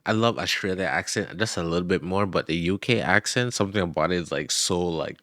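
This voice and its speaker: A man's voice: deep voice, fairly quick, fairly bright tone, no echo, clean studio sound. A man from the United States hosting a reaction video, talking in a loose, chatty way full of slang. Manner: loose, chatty slang, keeps saying bro. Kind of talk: casual reaction commentary.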